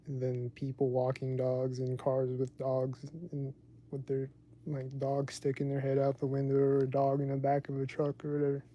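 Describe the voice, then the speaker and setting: Rambling casually on the podcast he streams live, this man drops "like" again and again. His voice sits in the mid-range, warm but monotone, at normal speed, with the high frequencies cut off.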